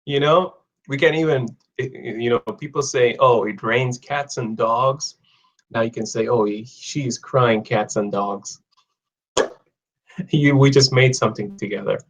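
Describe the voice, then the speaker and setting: A man's voice: mid-range voice, a little slow, low-quality recording. A young man teaching English idioms in a live online lesson, reading out viewers' comments and joking with them in a chatty way. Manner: chatty, reads viewer comments aloud, jokes.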